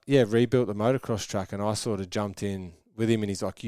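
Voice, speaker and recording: A man's voice: fairly low pitch, steady tone, fast talker, few pauses, darkish tone, no room sound, studio quality. A man in his thirties with an Australian accent, a guest telling long rambling stories in a casual podcast interview and acting out what people said. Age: 30s. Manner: rambling storytelling with voiced quotes. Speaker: guest, track builder.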